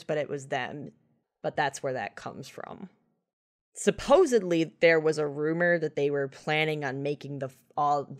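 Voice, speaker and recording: Low-voiced woman chatting casually. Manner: chatty, restarts sentences, explains things. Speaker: podcast guest. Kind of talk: casual chat.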